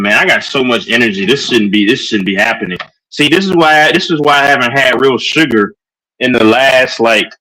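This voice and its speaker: A man's voice: mid-range voice, sharp tone, poor audio. A man with a Texan accent, hosting a live stream in hyper, rambling casual chat while on a sugar rush. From Texas. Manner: hyper and rambling, with many fillers.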